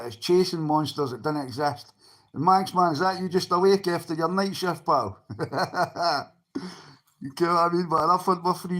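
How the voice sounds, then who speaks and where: A man's voice: fairly high pitch, a bit bright. A Scottish man on a livestream, talking bluntly and swearing often as he answers people in his chat.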